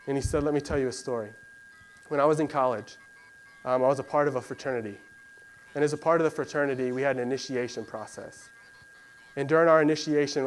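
A man's voice: mid-range voice, low-quality recording. Conversational male preacher, faint hum. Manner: conversational storytelling with fillers, acts out voices of biblical figures. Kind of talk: sermon.

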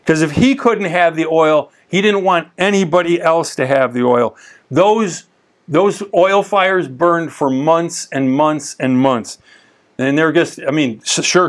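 A man teaching the Bible in a casual, conversational way, telling stories with lively asides and frequent restarts. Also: fairly high pitch.

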